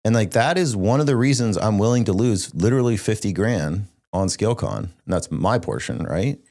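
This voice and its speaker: Young guy hosting a podcast, low-ish voice, emphatic and animated, says "like" a lot. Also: fairly quick. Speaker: podcast host. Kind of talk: casual podcast chat.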